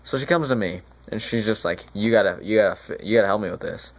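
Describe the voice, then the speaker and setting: A remorseful friar, played by a young man, recounts the whole disaster in loose modern slang for a school monologue. His voice sits a little low, and he rambles and stumbles over restarts. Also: fast, natural voice. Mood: rambling. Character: remorseful friar retelling a tragedy casually. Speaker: student actor.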